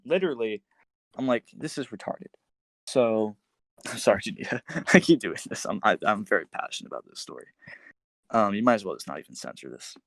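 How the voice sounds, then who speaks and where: Animated young man telling a story. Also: lowish voice, clean tone, no echo. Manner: animated, many fillers and restarts, quotes others in a raised voice. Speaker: podcast guest telling a story. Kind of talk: casual podcast storytelling.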